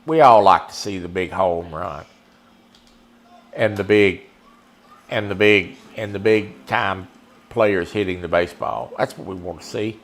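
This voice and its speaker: A man's voice: low voice, a little slow, long pauses, a little hiss or hum. A man giving casual, folksy live-stream commentary while playing a baseball video game and chatting with viewers. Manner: folksy, chatty, talks to the chat.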